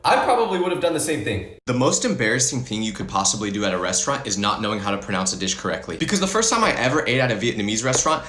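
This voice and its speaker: A man's voice: medium pitch, lively intonation, rapid-fire, hardly any pauses, a bit bright, reverberant. A young man telling funny stories as a gaming channel host, emphatic and full of incredulous rhetorical questions. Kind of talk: scripted storytime narration over gameplay.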